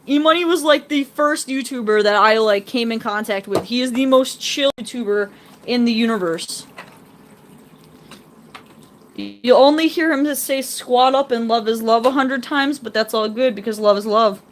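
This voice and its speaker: A woman's voice: on the high side, moderate pace, a little hiss or hum. Chatty young woman rambling on a livestream. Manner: rambling and chatty, reading out chat comments. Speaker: fish-keeping livestreamer. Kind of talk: casual live stream chat. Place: home, beside her fish tank.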